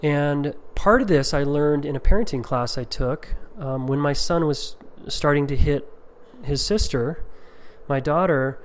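A man's voice: a little high, a little slow, a little hiss or hum. A middle-aged man teaching a class on emotional repair in a conversational, rambling way with many ums and asides.

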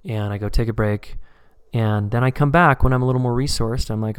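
A man's voice: mid-range voice, a little fast, clean tone. A man teaching a live online course, talking casually and acting out short example conversations as he explains. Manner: conversational, acts out dialogues. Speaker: course instructor.

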